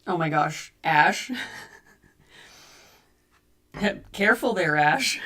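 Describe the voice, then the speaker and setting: A woman's voice: on the low side, takes it slowly, long pauses, fairly bright tone. A woman chatting casually with her viewers on a live stream from home, reading and answering chat and troubleshooting her audio. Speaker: cosplay streamer. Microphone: desk USB mic.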